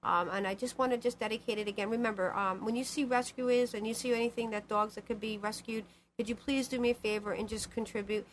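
Rambling high-voiced woman psychic host. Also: fairly even intonation, fast talker, slight background noise. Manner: rambling, emphatic, repeats herself. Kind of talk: casual live call-in chat.

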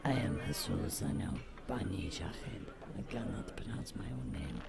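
A man voicing a solemn, formal male tribesman from a video game, in a put-on rustic accent, slow and stately. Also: sits low, very animated, vocal fry, voice pushed down, heavily acted. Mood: aloof. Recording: game music behind.

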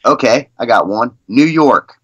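A man's voice: mid-range voice, animated, a little slow, a bit bright, breathy edge, no echo. A man guest on a podcast, telling stories in a rambling, casual way with lots of "you know" and "I mean". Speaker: guest, league president. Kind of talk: casual storytelling in a podcast interview.

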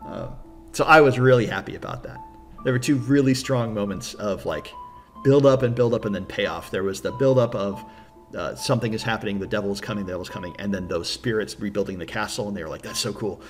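A man's voice: fairly low pitch, a little fast, soft background music. A man acting as a game master, casually recapping his tabletop campaign with enthusiasm and rambling fillers.

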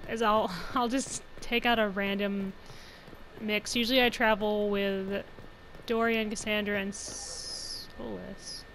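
A woman's voice: mid-range voice, fairly bright tone, a little hiss or hum, low-quality recording. A young woman giving chatty, rambling let's play commentary, laughing often. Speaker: gaming channel host.

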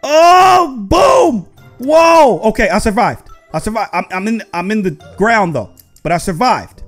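A man hosting a gaming video, chatting casually and excitably to his viewers as he plays. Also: high voice, a little fast, faint music behind. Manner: excitable, talks straight to viewers. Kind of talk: casual gameplay commentary.

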